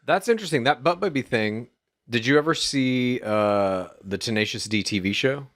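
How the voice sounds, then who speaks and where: A man's voice: mid-range voice, moderate pace, a bit bright. A man co-hosting a comedy podcast, reacting with dry asides and wry explanations. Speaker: podcast co-host. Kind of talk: casual comedy podcast chat.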